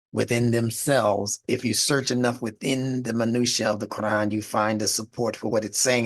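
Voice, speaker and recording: A man's voice: mid-range voice, creaky. A man teaching a religious studies class in a lecture, explaining word meanings and asking the class rhetorical questions.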